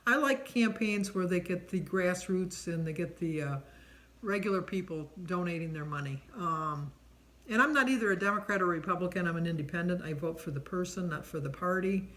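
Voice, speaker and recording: A woman's voice: fairly low pitch, fairly quick, a bit bright. A middle-aged woman chatting casually on camera while answering a tag questionnaire, rambling with lots of ums. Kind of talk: casual chat.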